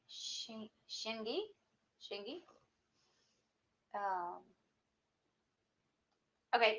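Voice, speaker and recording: A woman's voice: mid-range voice, fairly bright tone. A woman in her thirties with a Southern US accent, rambling through a casual livestream chat with lots of fillers and a country twang. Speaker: YouTube host. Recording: dull lo-fi sound.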